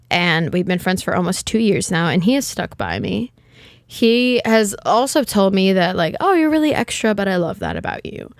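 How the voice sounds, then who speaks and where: A woman's voice: medium pitch, no echo, studio quality. A young woman hosting a solo podcast, talking candidly in a rambling way, swearing casually and restarting her sentences often. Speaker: podcast host.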